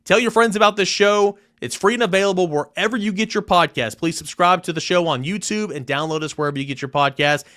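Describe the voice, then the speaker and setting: A man's voice: high voice, fast talker, few pauses, fairly bright tone. A young man hosting a solo sports podcast, talking emphatically and reading quoted passages aloud with rising force.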